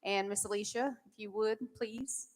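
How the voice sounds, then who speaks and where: A woman's voice: mid-range voice, fairly even intonation, normal speed. A woman hosting a charity auction, upbeat and encouraging as she introduces pieces and opens bids. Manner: upbeat and encouraging, thanking donors. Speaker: event host. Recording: reverberant event hall.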